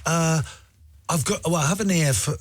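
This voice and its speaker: A man from London with a London accent, a guest actor chatting in a radio studio, self-mocking and quick to laugh. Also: on the high side, dry recording. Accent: London English. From England. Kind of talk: casual radio interview chat. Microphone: studio microphone.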